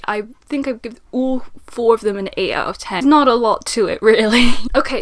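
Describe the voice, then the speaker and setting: A young woman giving a casual spoken book review, chatty and animated, laughing often. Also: fairly high pitch.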